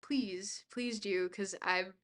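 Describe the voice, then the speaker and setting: A woman's voice: medium pitch, fairly even intonation, slow, a bit bright. A woman streaming live, reading a dense book aloud and breaking off to chat, often hesitating with fillers and laughing at herself. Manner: laughs easily, self-deprecating.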